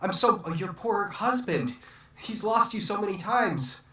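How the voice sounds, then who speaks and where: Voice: medium pitch, lively intonation, unhurried, sharp tone, a little hiss or hum, pitched above the performer's own voice. A player voicing a devoted young sheep-genie in a tabletop game, talking eagerly and chattily. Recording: echoey room, far from the mic.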